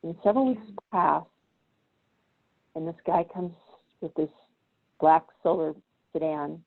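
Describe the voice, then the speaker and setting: Talking a little slowly in a deep voice with vocal fry, a woman guest relates stories in casual chat and lively imitates the people in them. Her video-call audio sounds thin and phone-like.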